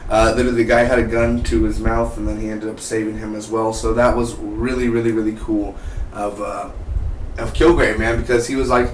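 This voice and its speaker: A man's voice: lowish voice, level tone, fairly quick. A man giving a casual, rambling recap of a TV episode, acting out the characters' lines as he goes. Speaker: TV reviewer. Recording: roomy, distant from the mic, faint noise.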